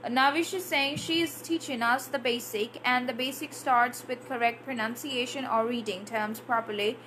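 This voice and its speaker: Woman english teacher on a live stream, answers comments, acts out words to show how they sound, high voice. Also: steady tone, moderate pace, a bit bright, a little hiss or hum. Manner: chatty, reads out viewer comments and answers them; demonstrates pronunciation by exaggerating words. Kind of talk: live Q&A lesson.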